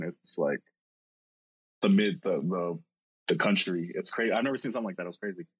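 A man's voice: deep voice, fairly bright tone, breathy edge, dry recording, rough recording. A male podcast host telling a story casually, rambling and swearing with lots of filler words.

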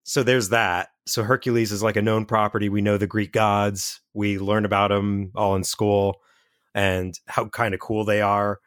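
A man's voice: fairly low pitch, flat delivery, moderate pace, a bit bright, dry recording, studio quality. A man co-hosting a casual movie podcast, rambling and often searching for the right word. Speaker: podcast co-host. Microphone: home mic over online call.

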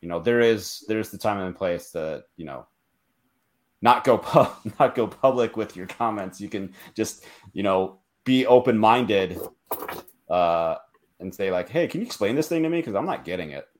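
A man's voice: deep voice, unhurried, darkish tone. A man hosting a podcast in casual chat, hesitant and thinking aloud, peppered with "like". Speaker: podcast host.

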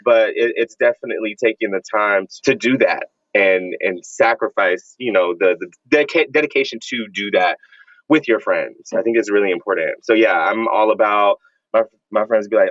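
A young man from Florida, a vegan content creator, telling stories in casual chat with animated, emphatic slang. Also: fairly low pitch, moderate pace, dry recording, highs cut off. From Jacksonville, Florida, US.

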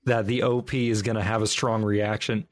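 A man's voice: fairly low pitch, flat delivery, moderate pace, heavy background noise. A man in casual podcast chat, hesitant and chuckling, with dry sarcasm. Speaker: podcast guest.

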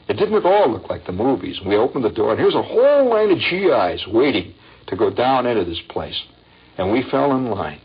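An older man from Indiana telling a personal story in a lively, animated way and acting out the voices of people in it. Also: medium pitch, slightly rough. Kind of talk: radio storytelling. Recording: dull lo-fi radio with faint music.

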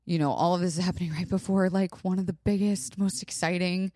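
Young woman podcast host, low voice, unhurried, halting and close to crying, dry close sound. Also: steady tone, mellow, no room sound. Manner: halting, emotional, near tears, many pauses and fillers. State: holding back tears. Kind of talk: personal monologue.

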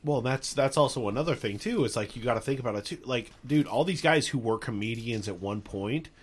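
A man's voice: medium pitch, expressive, fairly quick. A man in casual chat, laid-back and slangy.

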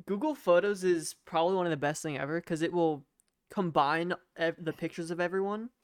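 A man's voice: fairly high pitch, brisk, smooth, no room sound, studio quality. A young man co-hosting a podcast, chatting casually with blunt teasing and easy swearing. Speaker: podcast co-host. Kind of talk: casual chat.

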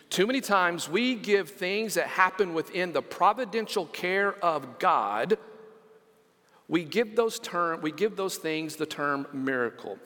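A man preaching a sermon as pastor, animated and repeating words as he calls on the congregation to respond. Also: a little high. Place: church sanctuary. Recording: long church hall reverb.

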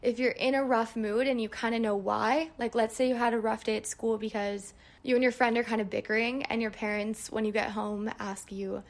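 A woman's voice: a little high, fairly even intonation, a little fast. A young woman hosting her own podcast, chatting casually and answering listener questions with enthusiasm. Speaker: podcast host. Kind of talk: casual solo podcast monologue.

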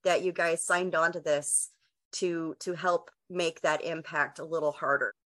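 A woman's voice: deep voice, steady tone, a little slow, fairly bright tone. A woman hosting an interview, talking earnestly and conversationally. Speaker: interviewer host. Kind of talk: casual interview chat.

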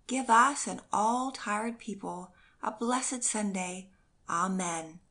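A woman's voice: on the high side, a little slow, voice pushed up. A woman voicing a grieving, devout young mother in a storybook reading, tender and pleading.

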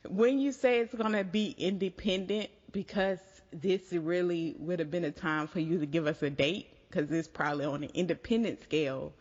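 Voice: medium pitch, moderate pace, hardly any pauses. A podcast co-host chatting casually with a dry, sarcastic, teasing edge. The sound is dull and lo-fi. A long reverb trails behind every phrase. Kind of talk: casual chat.

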